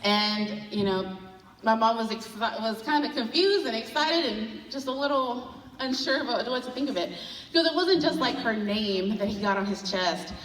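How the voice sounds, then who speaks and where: Woman stand-up comic, animated storyteller doing family voices, recorded from across a reverberant event hall. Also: on the high side, moderate pace. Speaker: stand-up comedian. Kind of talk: stand-up comedy set. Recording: roomy hall, voice from far off.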